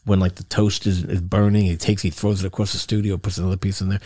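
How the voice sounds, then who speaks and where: A man's voice: low-pitched, level tone, fast talker, dark tone. A man co-hosting a casual podcast, playful and teasing, leaning hard on key words. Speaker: podcast co-host.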